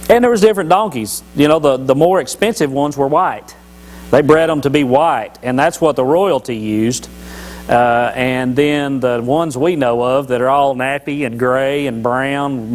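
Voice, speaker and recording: The low-quality recording features a man with a mid-range voice serving as a lay church speaker. He tells Bible stories in a folksy, joking devotional talk, often restarting his sentences.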